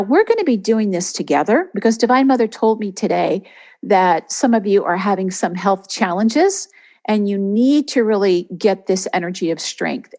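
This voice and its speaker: A woman's voice: fairly low pitch, darkish tone. Earnest woman guiding a spiritual meditation. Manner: earnest, repeats words for emphasis. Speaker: podcast host and reverend. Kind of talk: spiritual teaching and guided meditation.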